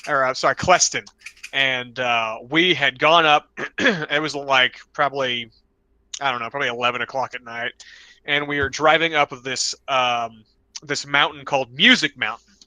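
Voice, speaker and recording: A young man on a podcast telling rambling, animated stories, now and then slipping into loud voices for his friends. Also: medium pitch, moderate pace, no room sound. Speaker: podcast co-host. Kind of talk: casual storytelling chat.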